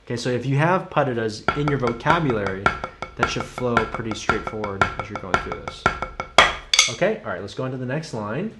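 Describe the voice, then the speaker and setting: A man's voice: medium pitch, expressive, brisk, over loud music. A man teaching a live-streamed drum lesson. He talks through rhythms by chanting the sticking in syllables, casually and encouragingly, and chats with viewers.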